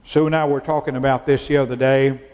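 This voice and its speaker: A man's voice: mid-range voice, flat delivery, quick pace, a little mellow, long reverb tail. A male pastor preaching a sermon in a folksy way, repeating phrases for emphasis.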